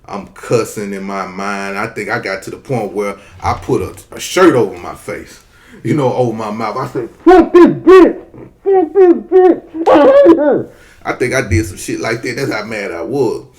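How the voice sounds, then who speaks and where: A man in his thirties telling a childhood story in a casual, profane, animated way. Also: on the low side, normal speed. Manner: animated, profane, acts out voices.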